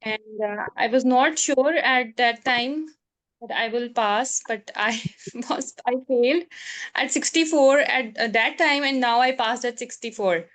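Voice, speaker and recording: A woman's voice: a little high, a little slow, a bit bright. A woman doctor on a video call, talking hesitantly with many fillers. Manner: hesitant, with many "uh" fillers and restarts, laughs often. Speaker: doctor, a student who passed an exam. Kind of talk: emotional call testimony.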